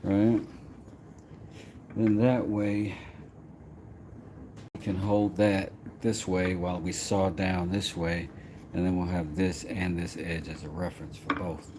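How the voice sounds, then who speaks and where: A man with a low, darkish voice delivers his words flatly, slowly and with frequent pauses. Streaming his woodwork live, he chats casually, jokes, and talks to himself as he goes, with a noisy background.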